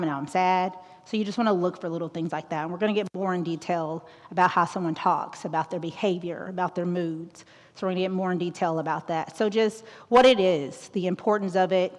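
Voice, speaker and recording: Outgoing joking woman in an echoing auditorium. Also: on the low side. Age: 30s. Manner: outgoing, joking, keeps asking "right?". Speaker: guest presenter. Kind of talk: school talk on mental health. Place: large auditorium. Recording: long echo of an auditorium.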